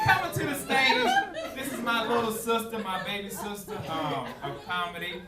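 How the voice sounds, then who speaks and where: A man hosting a stand-up comedy show, telling loud, animated stories full of swearing. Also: high-pitched, normal speed, over a noisy crowd. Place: small comedy club. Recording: roomy club sound from a distant mic with loud noise.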